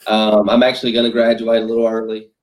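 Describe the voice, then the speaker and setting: Young male guest, low and flat, easygoing, hesitant ums. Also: quick pace, slight background noise, rough recording. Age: young adult. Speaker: guest, pro baseball player. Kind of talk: casual interview.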